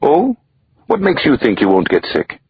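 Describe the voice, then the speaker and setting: A man's voice: low-pitched, a little fast, gravelly, breathy edge, no room sound, phone-quality sound, full character voice. A man voicing a stubborn, loyal young Irish nanny with a lilting brogue and an indignant, teasing way of talking.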